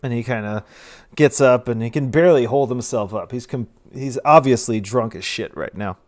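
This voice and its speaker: A man's voice: medium pitch, normal speed, no echo. Male game master, easygoing filler-heavy narration, dry recording.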